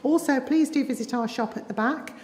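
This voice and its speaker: A woman with a fairly high voice runs a meeting, making brisk, friendly announcements to the audience. Her voice rings out with a long hall reverb. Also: darkish tone. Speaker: chair of a trust meeting.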